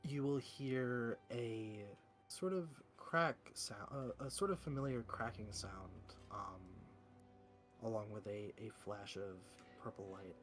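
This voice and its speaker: A man's voice: lowish voice, takes it slowly, soft background music. A man narrating as game master of a tabletop game, hesitant and full of ums.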